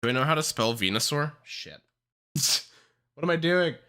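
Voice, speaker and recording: A streamer ranking characters in casual livestream commentary, excitable and heavily profane, swinging between ranting and laughing. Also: medium pitch, moderate pace, smooth.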